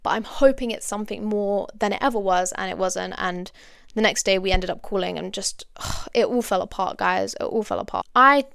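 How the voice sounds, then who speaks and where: A young woman tells a personal story on her podcast, confiding and chatty, full of fillers and asides to her listeners. Her voice is smooth yet gravelly with vocal fry. She is recorded dry and close on the mic. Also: mid-range voice, fairly quick, fairly bright tone, dry recording. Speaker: podcast host.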